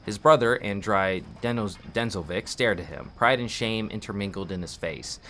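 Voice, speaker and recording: A man playing through a game, reading a book aloud deliberately with small restarts, then making casual asides. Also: on the low side, pushed and bright, slight background noise. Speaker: game walkthrough player.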